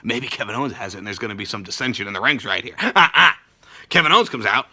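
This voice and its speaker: A man hosting a wrestling reaction show, ranting loudly and sarcastically and swearing constantly. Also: mid-range voice, animated, fast talker, breathy edge. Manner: loud, sarcastic, swears constantly, shouts often. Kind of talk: profane ranting review.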